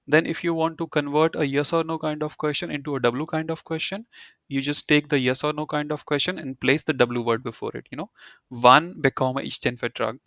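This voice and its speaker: A man's voice: medium pitch, a bit bright, no echo, clean studio sound. A man teaching German in an online video-call class, explaining at an easy pace with many "you know" fillers.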